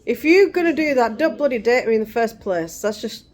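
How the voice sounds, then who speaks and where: A woman's voice: a little high, lively intonation, a little fast, a little mellow. A middle-aged woman vlogging in casual chat, rambling and digressive.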